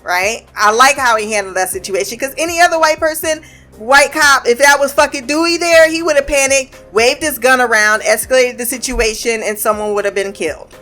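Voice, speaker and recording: A woman's voice: sits high, fairly quick, bright, forceful tone, soft background music. Chatty woman recapping a TV episode. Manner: chatty, swears freely, acts out characters' lines; laughs often while retelling.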